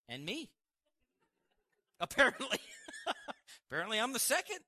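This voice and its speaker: A man preaching a sermon and telling a personal testimony, animated, with quick asides and frequent laughs. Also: high-pitched, husky. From Montana, United States.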